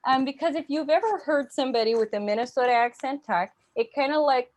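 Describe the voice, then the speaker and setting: A young woman doing a stand-up comedy set, animated and slipping into accent impressions. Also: high voice, fairly quick, hardly any pauses.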